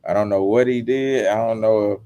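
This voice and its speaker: A man giving casual commentary as a vlogger, animated and emphatic, with lots of slang. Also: fairly low pitch, brisk, lo-fi sound.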